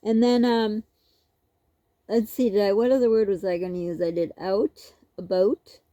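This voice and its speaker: A woman's voice: medium pitch, fairly even intonation, moderate pace, warm tone, dry recording. A woman vlogger telling a rambling, casual story, laughing often as she goes.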